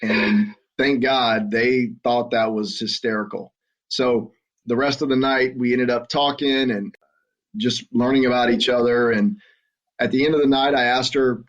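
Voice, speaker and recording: A middle-aged man with a Southern American accent, telling his story as a podcast guest in an earnest, halting way with frequent restarts. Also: medium pitch, steady tone. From Southern United States. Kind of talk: conversational storytelling. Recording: muffled lo-fi audio.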